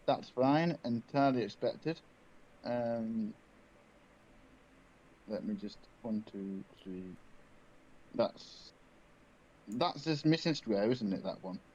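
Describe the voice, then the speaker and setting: A British man playing a tabletop game, speaking slowly and hesitantly with many uhs. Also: medium pitch, lively intonation, dark tone. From Britain. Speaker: player. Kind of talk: casual tabletop play. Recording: dull lo-fi sound, faint noise.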